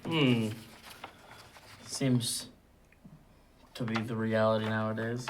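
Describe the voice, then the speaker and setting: Low-key man in mid pitch, dry replies. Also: steady tone, unhurried, a bit bright, low-quality recording. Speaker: co-host of a movie review show. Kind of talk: casual movie review chat.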